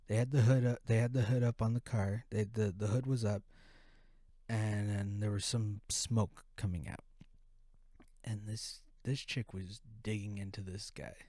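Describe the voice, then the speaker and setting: Slow, low-voiced man telling a profane story. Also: flat delivery, dark tone, no room sound, studio quality. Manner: profane, rambling, full of restarts. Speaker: podcast host. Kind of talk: casual storytelling.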